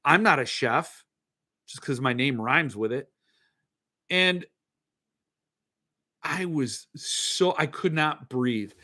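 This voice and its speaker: A man's voice: medium pitch, slow pace, pauses often, bright, forceful tone. A middle-aged man hosting a podcast, chatting casually in a rambling, jokey, self-mocking way. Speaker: podcast host. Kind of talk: casual chat.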